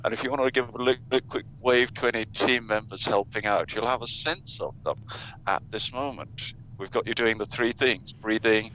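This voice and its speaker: Bright-voiced man guiding a meditation. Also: fairly low pitch, moderate pace. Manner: gentle, coaxing, asks questions. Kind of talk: guided meditation talk. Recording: dull, lo-fi sound with faint noise.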